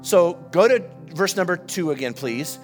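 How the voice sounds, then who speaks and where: A man preaching a sermon as pastor, building animated emphasis as he goes. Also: high-pitched, moderate pace, faint music behind. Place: church.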